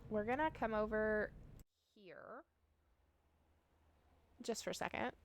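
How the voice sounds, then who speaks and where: A woman's voice: mid-range voice, slow pace, slight background noise. A woman live streaming from home, chatting casually and swearing freely as she talks straight to her viewers while setting up a game.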